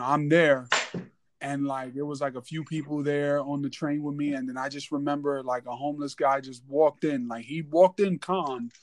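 A young man from New York, hosting a casual chat and telling a story in a relaxed way, with many "like"s. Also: mid-range voice, a little hiss or hum. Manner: laid-back, filler-heavy, many "like"s. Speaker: host.

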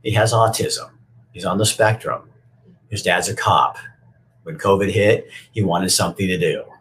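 A man's voice: low-pitched, normal speed, a bit bright, a little hiss or hum. A man telling a story and then speaking out in an emphatic, emotional and profane way. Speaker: speaker who reads stories to schoolkids. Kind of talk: storytelling and personal rant.

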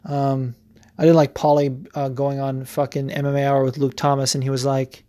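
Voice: mid-range voice, moderate pace, no room sound. Dry, rambling podcast host. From United States. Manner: profane, rambling, animated with many fillers. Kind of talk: casual opinion rant.

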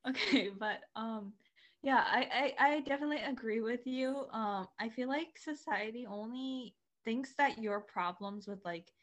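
A woman's voice: on the high side, unhurried. A young woman guesting on a casual podcast, speaking earnestly and hesitantly with many fillers.

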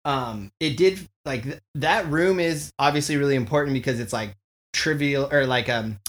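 A man's voice: medium pitch, normal speed, a bit bright. A man co-hosting a podcast, loose and chatty, often laughing between remarks. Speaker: podcast co-host. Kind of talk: casual chat.

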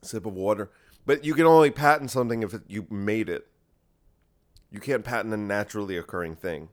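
A man's voice: on the low side, fairly quick. A man hosting a solo podcast, talking in a rambling, profane and sarcastic way while congested. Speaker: podcast host.

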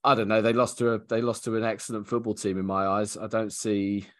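A man with a fairly low voice chats casually about football on a podcast. He thinks aloud, restarts his sentences often and laughs easily as he weighs things up. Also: little pitch movement, brisk, fairly bright tone. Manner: analytical, hesitant, laughs easily. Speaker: podcast co-host. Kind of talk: casual sports chat.

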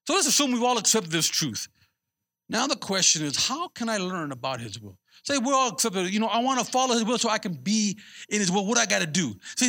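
Man, pastor, sermon, lively swooping pitch, bright voice, calls out to the crowd. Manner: animated, repeats himself, calls out to the congregation. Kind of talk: sermon with personal story.

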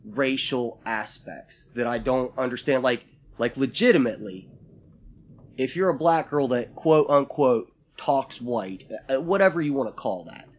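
A male podcast co-host rants through casual chat, animated and profane, swearing as he talks. His mid-range voice keeps a measured pace, and the highs are cut off.

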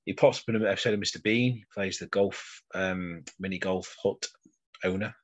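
A man's voice: low voice, fairly even intonation, moderate pace, husky, dull audio. A man in his thirties co-hosting a podcast, rambling casually with lots of hesitation and fillers. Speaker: podcast co-host. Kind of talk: casual chat.

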